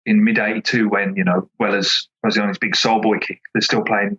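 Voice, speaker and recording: A man with a low voice talks as an interview guest. He chats with easy enthusiasm and rambles with plenty of fillers, and the audio sounds muffled and lo-fi. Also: little pitch movement, fairly quick, a bit bright. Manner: enthusiastic, rambling with many "you know" fillers. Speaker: author and podcast guest. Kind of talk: casual interview chat.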